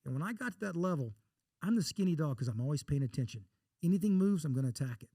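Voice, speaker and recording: Fast-talking folksy man from Texas. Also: on the high side, lively intonation, mellow, dry recording, studio quality. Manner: folksy, blunt, acts out dialogue in anecdotes. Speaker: investor guest. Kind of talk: casual interview storytelling.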